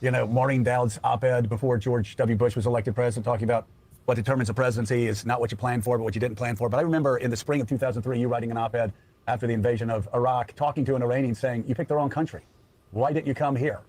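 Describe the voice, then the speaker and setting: Brief: male news anchor, quick delivery, rambling question, broadcast clip. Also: mid-range voice, fairly even intonation, a little mellow. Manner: long winding questions with many fillers. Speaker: TV morning show host. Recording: played from a TV broadcast.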